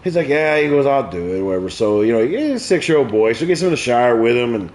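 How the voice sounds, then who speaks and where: A man, a comedian hosting a stream, tells crude jokes and stories in relaxed, profane chat. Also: mid-range voice, fast. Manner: crude, profane joke-telling. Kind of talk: casual storytelling chat.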